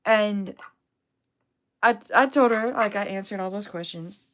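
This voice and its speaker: A woman's voice: medium pitch, measured pace, fairly bright tone. A young adult woman telling a rambling, upbeat story on a casual livestream, full of fillers. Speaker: vlogger, duck owner.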